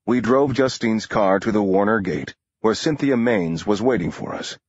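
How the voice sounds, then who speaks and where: Low husky male narrator. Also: moderate pace, darkish tone. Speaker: audiobook narrator. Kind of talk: first-person thriller narration. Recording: muffled dry close-mic audio.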